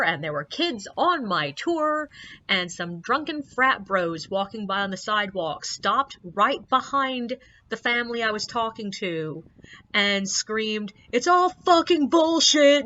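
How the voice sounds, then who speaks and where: A woman's voice: mid-range voice, bright, forceful tone, dull audio. A woman who works as a ghost tour guide, casually telling stories from her job in a chatty, candid way with sarcastic asides. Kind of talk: casual personal storytelling.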